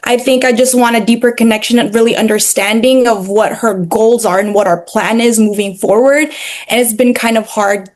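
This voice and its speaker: A somewhat high-voiced woman speaks up in a group video call as a real estate agent. She sounds earnest and a little hesitant, filling pauses as she searches for words. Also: fairly even intonation, darkish tone. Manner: hesitant, earnest, many fillers.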